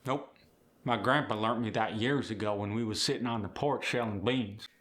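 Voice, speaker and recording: A man voicing an easygoing rural Tennessee man who tells stories slowly, with an Appalachian accent. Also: on the low side, a bit bright, natural voice. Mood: relaxed drawl. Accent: Appalachian (East Tennessee). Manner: slow, drawn-out porch storytelling.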